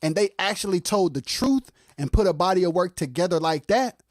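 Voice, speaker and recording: A livestream co-host giving impassioned commentary on music production. They get fired up and shout, then drop into quiet asides, and repeat phrases for emphasis. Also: medium pitch, lively intonation, fairly quick, no room sound, studio quality. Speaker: co-host of a live music talk stream.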